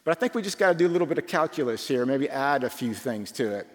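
A man preaching a conversational sermon, informal and full of rhetorical questions, shifting between quick asides and slow emphatic phrases. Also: medium pitch, expressive. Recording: long reverb from a large hall.

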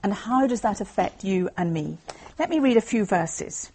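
A woman delivers an evangelistic Bible talk in an earnest, explanatory way. Her voice is warm and mellow, with a husky, breathy texture. She sits at a middling pitch for a woman. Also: animated, moderate pace. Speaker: lay speaker giving a Christian talk.

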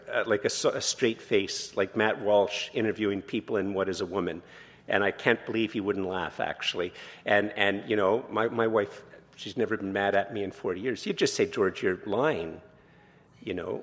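A man in his sixties, a pastor preaching a sermon, conversational and self-deprecating, slowing down to read scripture. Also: lowish voice. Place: church sanctuary. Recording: long reverb of a church hall.

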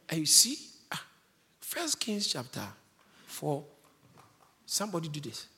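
A man's voice: a little high, fairly bright tone. A man preaching a sermon, emphatic, stretching out key words for weight.

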